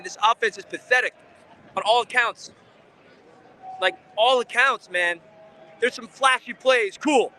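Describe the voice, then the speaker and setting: A man's voice: high voice, sharp tone. A man hosting a fan channel, giving an angry, frustrated live post-game rant outside a stadium, swearing often.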